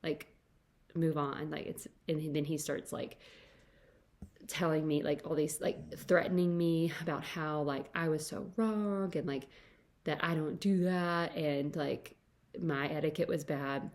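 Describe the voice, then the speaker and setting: Young adult woman, low-pitched podcast host, casual rambling storyteller with constant "like" fillers. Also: steady tone, measured pace, a little mellow. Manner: chatty, fills every phrase with "like".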